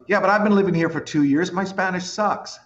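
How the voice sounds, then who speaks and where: High-voiced and fairly quick, this Canadian podcast guest in his fifties rambles through casual chat, telling animated stories and making self-deprecating jokes. The audio sounds dull.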